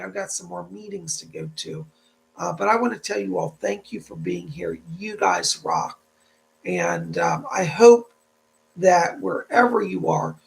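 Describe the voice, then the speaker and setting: A man hosting a live-stream psychic reading, chatty and relaying spirit messages, his voice tight and gravelly from the cold. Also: high-pitched, a bit bright. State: voice tight and cracking from a cold house.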